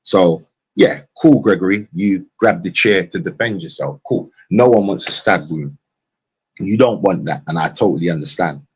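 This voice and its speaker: A man's voice: low-pitched, moderate pace, breathy edge. A man with a London accent ranting on a live stream, mocking and repeating himself. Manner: mocking, repetitive, animated. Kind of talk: casual live-stream rant.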